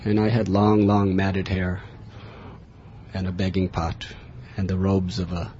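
A man from America, telling a personal spiritual story in an earnest, lively way, recorded in a dull, lo-fi recording. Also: sits low, a little slow. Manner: earnest, animated in tellings, chuckling. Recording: dull lo-fi recording with faint hiss.

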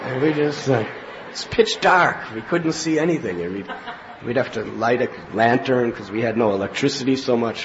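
A man giving a devotional spiritual talk as a teacher, telling anecdotes in an animated way and acting out scenes. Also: medium pitch, moderate pace, slight background noise. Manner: animated storyteller, acts out scenes with laughs and cries. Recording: slightly muffled lo-fi recording with faint ambience.

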